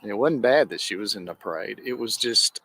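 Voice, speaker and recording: A man's voice: fairly low pitch, animated, brisk, fairly bright tone, rough recording. A man recounting a photographer's moment at a parade, hesitant and emotional as he tells it. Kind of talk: recorded interview clip. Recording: clip with clear background noise.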